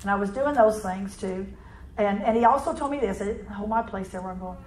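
A woman preaching a charismatic sermon in fast, run-on talk, clearing her throat and restarting often. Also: medium pitch, darkish tone, roomy sound, slight background noise, low-quality recording.

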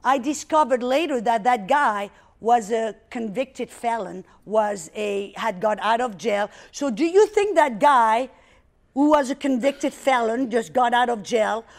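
A woman preaching, telling a personal story with lively, dramatic retelling and loud prayer declarations. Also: on the high side, unhurried. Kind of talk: sermon storytelling.

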